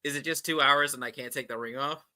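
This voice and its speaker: A man's voice: mid-range voice, steady tone, fast, crowd noise. A man playing a tabletop game, playful and jokey in his talk. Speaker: player. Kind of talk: casual tabletop play.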